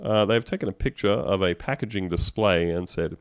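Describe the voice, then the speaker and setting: A man's voice: sits low, moderate pace, clear, resonant tone, no echo, studio quality. A man co-hosting a casual comedic podcast, reading news aloud wryly and laughing mid-sentence. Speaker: podcast co-host.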